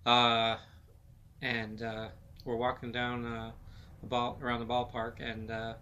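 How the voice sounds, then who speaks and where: A man's voice: medium pitch, monotone, unhurried, sharp tone, clear, resonant tone, highs cut off. Rambling man hosting a sports podcast. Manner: rambling, filler-heavy, repeats words. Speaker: podcast host. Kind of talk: casual solo sports chat.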